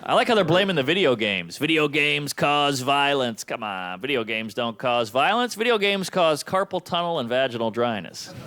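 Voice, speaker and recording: A man in his thirties doing a stand-up comedy set, delivering punchy deadpan one-liners. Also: mid-range voice, brisk, few pauses, a faint crowd. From United States. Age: 30s. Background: audience laughter.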